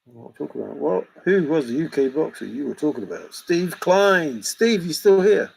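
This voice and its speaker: A man's voice: fairly high pitch, very animated, normal speed, vocal fry, few pauses, slightly rough, low-quality recording. A middle-aged man hosting a livestream, joking and laughing as he banters with viewers in the chat. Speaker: livestream host answering chat. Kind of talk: casual chat.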